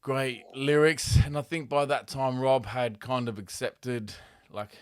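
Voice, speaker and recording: A man's voice: mid-range voice, steady tone, measured pace, smooth, no room sound, clean studio sound. A man hosting a casual podcast chat, laid-back, swearing freely and laughing often. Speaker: podcast host.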